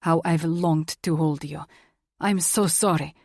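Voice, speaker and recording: A woman's voice: low voice, fairly even intonation, unhurried, dry recording, studio quality. A woman voicing a weeping old grandfather. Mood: tearful. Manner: sobbing, pleading. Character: tearful old grandfather, emotional and doting. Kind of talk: audiobook character voice.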